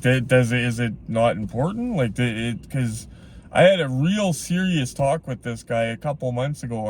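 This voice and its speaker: A man's voice: mid-range voice, a little mellow. Blunt rambling man vlogging. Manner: blunt, rambling, frequent "like" and "you know what I mean". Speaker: collectibles vlogger. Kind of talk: casual vlog talk to viewers.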